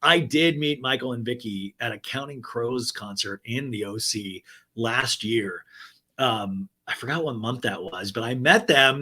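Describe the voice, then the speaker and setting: A man's voice: medium pitch, sharp tone. A man hosting a podcast, giving a rambling, joking recap of a TV episode. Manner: rambling, joking, full of asides. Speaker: podcast host. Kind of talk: comic TV recap.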